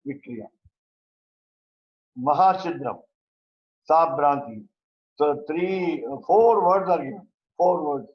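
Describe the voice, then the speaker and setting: A man teaching a verse-by-verse scripture class, speaking haltingly with many pauses and fillers. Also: fairly high pitch. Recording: roomy, dull lo-fi recording.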